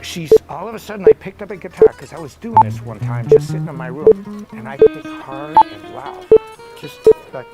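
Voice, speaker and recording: Rambling middle-aged guitar teacher. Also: male voice, a little high, sing-song, moderate pace, rough recording. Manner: rambling, anecdotal, full of asides. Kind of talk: casual one-on-one lesson talk. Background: loud electric guitar playing.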